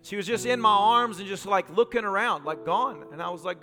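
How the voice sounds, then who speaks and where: A male pastor preaching a sermon, telling vivid personal stories in quick, emphatic phrases. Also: sits high, over music. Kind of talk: sermon storytelling.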